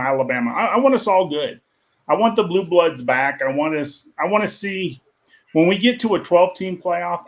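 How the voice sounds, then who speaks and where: A man musing hesitantly as a panelist on a livestream, with frequent pauses and ums. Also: on the high side. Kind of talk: casual podcast chat.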